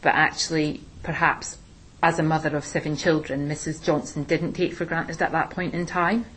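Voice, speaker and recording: A woman teacher explaining a play in a relaxed discussion, with plenty of ums and restarts. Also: low-pitched, moderate pace, breathy edge, low-quality recording. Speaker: English teacher. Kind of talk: recorded literature lesson discussion.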